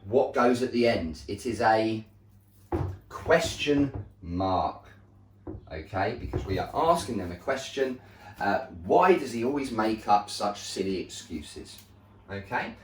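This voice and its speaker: A male primary school teacher giving a slow, deliberate recorded lesson to young children, often checking in with "okay?". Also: on the low side, lively intonation, slight background noise. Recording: echoey room, voice a bit far from mic.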